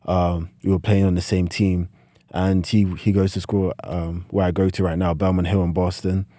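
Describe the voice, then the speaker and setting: Low-voiced young British man, rambling. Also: flat delivery, moderate pace, mellow, no room sound, clean studio sound. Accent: British, partly Americanized. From United Kingdom. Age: late teens. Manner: rambling, heavy use of "like" fillers. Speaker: podcast guest, student athlete. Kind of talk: casual interview storytelling.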